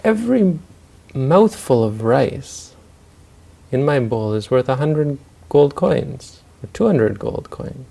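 A man's voice: mid-range voice, very animated, takes it slowly, vocal fry, mellow, pitched above the performer's own voice, full character voice. A man voicing a haughty, stingy rich man in a spoken story, with a lofty, disdainful manner.

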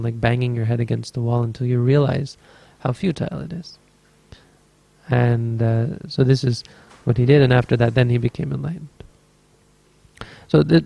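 A man's voice: mid-range voice, vocal fry, mellow, no echo. A man teaching as a Buddhist meditation teacher, telling a story in a dharma talk with an easygoing, rambling manner and frequent self-corrections.

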